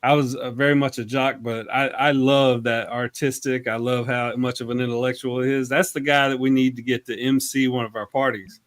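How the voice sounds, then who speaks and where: A man's voice: medium pitch, level tone, a little fast, hardly any pauses, dry recording. Laid-back Southern man with a dry close sound. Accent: Southern US country. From Texas. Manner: laid-back, swears freely, laughs often. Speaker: podcast co-host. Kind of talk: casual chat.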